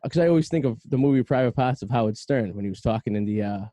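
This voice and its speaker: A man with a Boston accent hosts a casual podcast chat. He rambles fast, with a dark, mellow tone and plenty of fillers. His voice sounds dry and close to the mic. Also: mid-range voice, no room sound. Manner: rambling, storytelling, frequent fillers. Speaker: podcast host.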